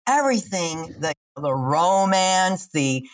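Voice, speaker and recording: A woman's voice: on the low side, animated, slow pace. Chiding, talkative older woman. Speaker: podcast co-host. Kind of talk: casual chat.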